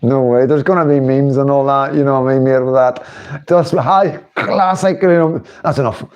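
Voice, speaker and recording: A man's voice: mid-range voice, fairly even intonation, normal speed, a little mellow, clean tone, dull audio. A middle-aged man, hosting a casual livestream, chatting and laughing while he mocks politicians. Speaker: livestream host.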